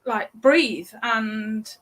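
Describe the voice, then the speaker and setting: A British woman in her thirties, a parenting coach chatting as a guest, talking in halting bursts with many restarts. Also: fairly high pitch. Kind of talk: casual podcast interview.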